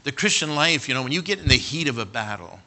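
A middle-aged male pastor preaching a sermon, telling stories and swinging from quiet asides to loud near-shouts. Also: mid-range voice, big pitch swings, quick pace.

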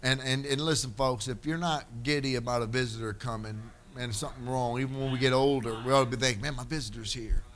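Pastor in his thirties, bright ringing tone, testimony into fiery preaching. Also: medium pitch, fairly even intonation. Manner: rising to loud, drawn-out preaching. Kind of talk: sermon with personal testimony.

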